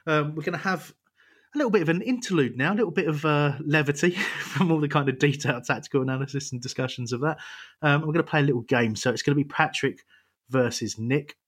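A man's voice: a little high, quick pace, a bit bright, slightly rough. A British man hosting a casual football podcast and running a quiz, chatty and hesitant with frequent ums and easy laughs. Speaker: podcast host. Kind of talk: casual football chat, quizmaster.

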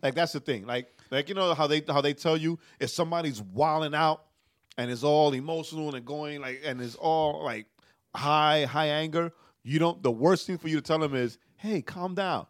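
A man's voice: a little high, moderate pace, dry recording, clean studio sound. A man who is a pastor, telling a painful personal story in casual podcast talk, emotional and earnest, often checking in with "right?". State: emotional, tearful.

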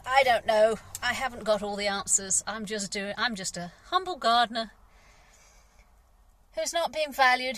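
A slightly high, somewhat bright female voice comes through poor audio. She's an English gardener from England, rambling candidly in a vlog, frustrated, sighing frequently and leaning on fillers.

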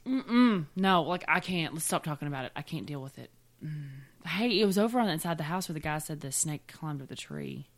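A woman co-hosting a casual chat, blunt and animated, teasing her partner as she talks. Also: sits low. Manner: animated, blunt, quick to tease. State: congested.

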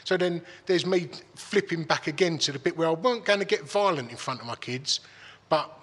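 Fairly quick and sweary, this middle-aged man from East London rambles through a frank interview as a guest, restarting frequently. The voice is husky, bright, forceful and slightly high, with a long echoing reverb around it.

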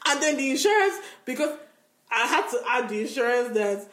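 A young woman co-hosting a podcast speaks at a moderate pace in a high-pitched voice, in a reverberant space. She tells animated stories in casual chat and laughs often.

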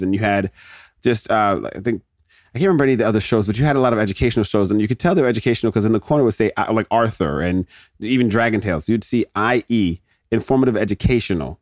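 A man's voice: lowish voice, darkish tone, no room sound. Rambling jokey man, dry close mic. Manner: rambling, jokey, self-interrupting. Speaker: podcast host. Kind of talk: casual solo rant.

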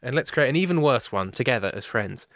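A man's voice: mid-range voice, animated, fast talker, heavy background noise. A man co-hosting a comedy podcast, giggling often and drifting into improvised bits and silly voices. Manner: giggly, riffs into sung bits and put-on voices. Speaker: podcast co-host.

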